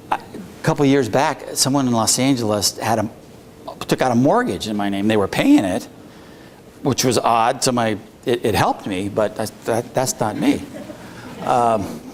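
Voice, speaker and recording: A police investigator giving an informal, halting presentation, full of fillers and restarts. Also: male voice, medium pitch, slight background noise. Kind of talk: informal presentation at a public talk.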